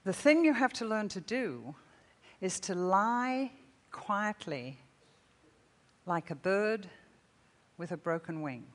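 A woman preacher with a lower voice delivers a sermon, reading her own story aloud. She swells loud on the emotional peaks and drops to a near-whisper. Her voice rings with a long reverb through a large church hall. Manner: expressive reading, rising loud then dropping to a hush.

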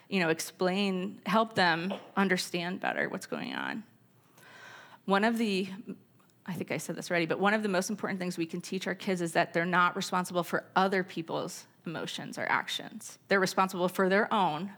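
A woman's voice: lowish voice, a bit bright. A middle-aged woman giving a candid church talk on parenting, mixing personal stories with scripture quotes. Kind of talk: sermon-style teaching talk.

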